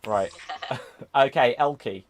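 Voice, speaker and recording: Man, improv show host, upbeat, loose and chatty, mid-pitched voice. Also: takes it slowly. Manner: upbeat, loose, lots of fillers and asides. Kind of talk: chatty hosting of an improv game.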